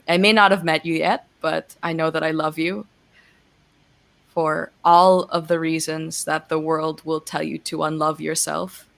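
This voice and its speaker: A woman in her twenties, a guest reading a heartfelt letter in an earnest, soft-spoken way over a video call. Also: low-pitched. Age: 20s. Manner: earnest, soft-spoken, with laughs and gushing emotion. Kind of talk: reading a heartfelt letter, then casual chat.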